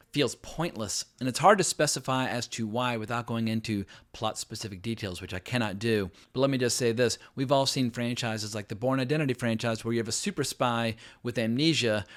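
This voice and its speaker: A middle-aged man hosting his own film review channel, giving a blunt, emphatic and sarcastic verdict on a new show. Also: medium pitch. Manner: sarcastic asides. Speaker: film critic, channel host. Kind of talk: opinionated video review.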